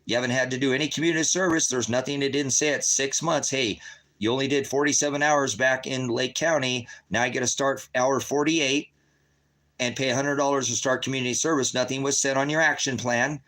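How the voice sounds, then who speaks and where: A man, a father and host, ranting angrily with heavy profanity and sudden rises in pitch. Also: steady tone, a bit bright. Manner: profane, heated, rapid shifts in pitch. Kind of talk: angry livestream rant.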